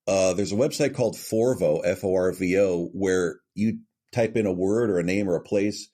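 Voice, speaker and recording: A man's voice: low-pitched, normal speed, warm tone. A middle-aged man, a voice actor, chatting on a podcast and telling self-deprecating stories about his work. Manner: storytelling, self-deprecating, jumps into brief character voices. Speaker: voice actor guest. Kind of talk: casual podcast interview.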